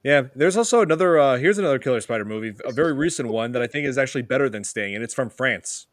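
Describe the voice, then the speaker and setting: A man's voice: mid-range voice, fast talker, dry recording, studio quality. A man hosting a podcast, talking casually about horror films with lots of fillers and restarts. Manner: relaxed, many fillers and restarts. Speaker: podcast host.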